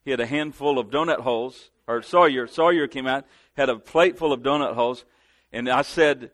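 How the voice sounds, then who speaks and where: A man's voice: medium pitch, moderate pace, fairly bright tone, no echo. Southern US male guest preacher, earnest, calls for amens, dry sound. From Southern United States. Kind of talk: sermon. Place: church sanctuary.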